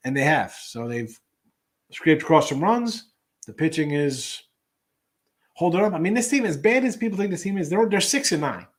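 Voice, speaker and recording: A man's voice: on the high side, animated, normal speed. A middle-aged man hosting a sports betting show, talking casually in a rambling way with lots of fillers and restarts.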